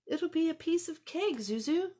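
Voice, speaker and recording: Casual: lady doing a patient storybook dad, gentle and reassuring. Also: very high voice, expressive, moderate pace, voice pushed up.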